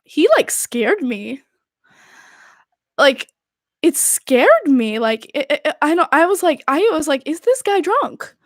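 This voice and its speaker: A young woman with a high-pitched voice hosts a podcast, speaking slowly with long pauses. She recounts events casually in an animated, exasperated way, saying "like" a lot. The sound is clean studio audio with no room sound.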